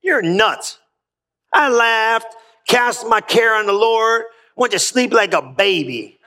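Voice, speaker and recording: A man preaches in church with emphatic, punchy call-and-response. His voice sits high and bright, with a forceful edge. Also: slow pace. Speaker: pastor. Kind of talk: sermon.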